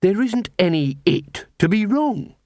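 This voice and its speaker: A male reader voicing a sharp young woman who is a werewolf in dog form, with indignant, quick retorts. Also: high voice, sing-song, no room sound, studio quality, voice pushed up. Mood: tart.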